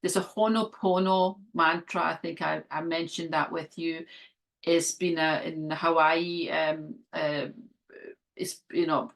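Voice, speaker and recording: A woman speaking as an interview guest, a holistic health practitioner, talking in an earnest, gentle, encouraging way with frequent fillers. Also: deep voice, fairly even intonation, unhurried, creaky. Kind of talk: conversational interview.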